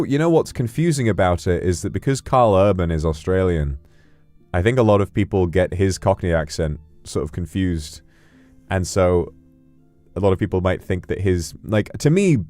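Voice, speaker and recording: A man chatting casually on a livestream, playful and rambling, his voice leaping up when he gets excited. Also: sits low. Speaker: streamer.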